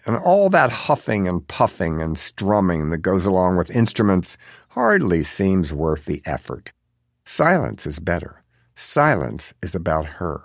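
Deep, gravelly male storyteller. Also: dry recording, studio quality. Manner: wry, sardonic storytelling. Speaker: narrator. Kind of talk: audiobook narration.

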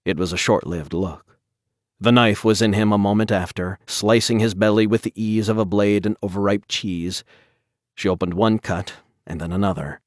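A man narrating a dark story as an audiobook, in a measured, even storytelling manner. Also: on the low side, no echo, studio quality.

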